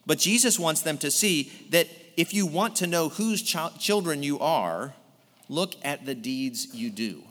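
A man's voice: fairly high pitch, animated, measured pace, a bit bright. A male pastor preaching an earnest sermon, explaining a text verse by verse. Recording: long hall reverb.

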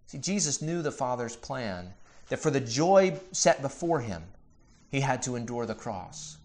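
A man preaching a sermon as pastor, earnest, building to emphatic repeated questions and dropping softly on key phrases. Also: mid-range voice, big pitch swings. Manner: drops to slow, soft emphasis on key phrases.

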